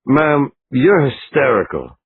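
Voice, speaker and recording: A man's voice: medium pitch, big pitch swings, slow, breathy edge, heavily acted. A man voicing a big, smug hijacker who threatens in a mocking tone. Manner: smug, menacing. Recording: lo-fi phone-like line, faint hiss.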